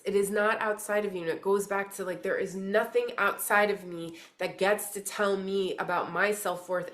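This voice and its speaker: A woman giving a casual spiritual reading to camera, rambling and gushing, filling her talk with "like" and "freaking" as she urges the listener on. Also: mid-range voice. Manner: emphatic, urging the listener. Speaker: intuitive card reader.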